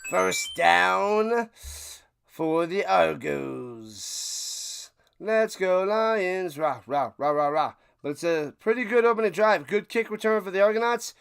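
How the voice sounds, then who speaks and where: A man streaming a live football watch party, giving casual play-by-play commentary and bursting into loud calls. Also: sits high, takes it slowly, creaky, smooth, no room sound.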